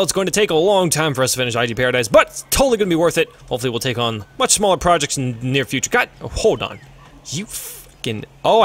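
A man hosting a let's play, giving casual, excitable gameplay commentary and mocking himself when things go wrong. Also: on the high side. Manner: excitable, self-mocking, swears when frustrated.

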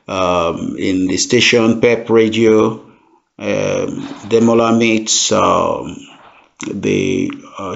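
A middle-aged man teaching beginners as a language teacher, speaking slowly and repeating each phrase carefully. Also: on the low side, vocal fry. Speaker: French teacher. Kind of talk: language lesson. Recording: dull lo-fi sound.

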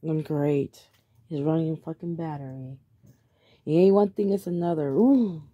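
A woman's voice: deep voice, measured pace, dull audio. A woman vlogger chatting casually while making a gift, easily frustrated and swearing often. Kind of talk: casual craft vlog chat. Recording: faint background noise.

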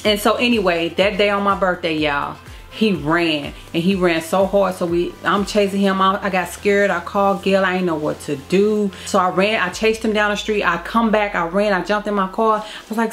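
A woman's voice: mid-range voice, steady tone, normal speed, fairly bright tone, faint music behind. A woman telling a personal family story to her vlog viewers in a candid, emotional way, often repeating phrases. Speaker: vlogger. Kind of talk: casual storytime to camera.

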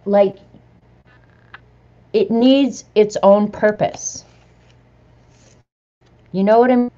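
A woman's voice: medium pitch, dark tone, dull audio. A middle-aged woman vlogger chatting casually to viewers as she opens mail, laughing and reading bits aloud. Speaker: vlogger opening happy mail.

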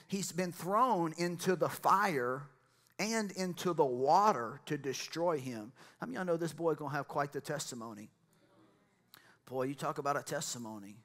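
Man, pastor, lively sermon, shouts and exclamations, bright voice. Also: on the high side. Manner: preaching with sudden loud shouts and exclamations.

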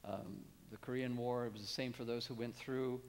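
A pastor in his sixties preaching a sermon, animated, climbing to emphatic peaks and dropping low. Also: normal speed, a little hiss or hum. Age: 60s. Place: church sanctuary. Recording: long church reverb.

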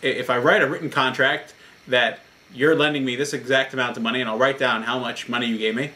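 Shady, fast-talking male villager, eager to please, played by a man telling a parable. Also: mid-range voice, fairly even intonation, pushed and bright, close to an everyday voice, rough recording. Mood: persuasive. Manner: eager, persuasive. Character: smooth-talking dishonest male villager seeking a loan.

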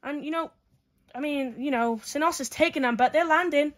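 A woman giving excitable play-by-play fight commentary, full of exclamations and counts. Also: sits high, normal speed, raised voice.

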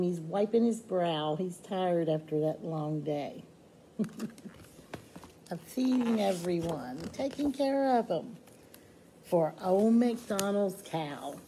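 Slow, mellow woman singing storytime. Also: medium pitch, a little hiss or hum. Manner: sing-song, with hushed asides and soft laughs. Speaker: children's librarian leading a lap-sit storytime. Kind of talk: singing and reading a picture book to toddlers. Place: public library.

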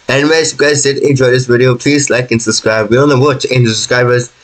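A man giving casual, excitable gameplay commentary as host of a gaming channel, trash-talking in slang. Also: medium pitch, fast, hardly any pauses. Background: loud game music.

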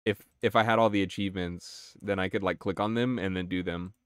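A young man chatting casually on his game live stream, excitable, swearing and reacting to chat. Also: low voice, a little fast, clear, resonant tone, no echo, studio quality.

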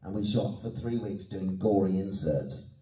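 Male panel guest, low pitch, mellow tone, easygoing storyteller; roomy hall sound, distant mic. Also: normal speed. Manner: chatty, self-deprecating, laughs often. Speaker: guest actor on a convention panel. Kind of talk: anecdotal panel Q&A. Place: convention hall.

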